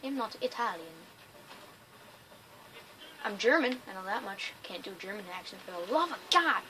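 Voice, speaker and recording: A woman giving excitable, chatty, jokey let's play commentary over a game. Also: medium pitch, fast talker, slight background noise, rough recording. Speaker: gamer.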